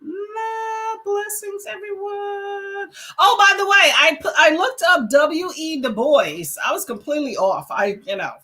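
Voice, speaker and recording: A woman's voice: high voice, expressive, moderate pace, hardly any pauses, pushed and bright. A young woman hosting a casual reading livestream, greeting viewers and answering their comments in a chatty, laughing way. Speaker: livestream host.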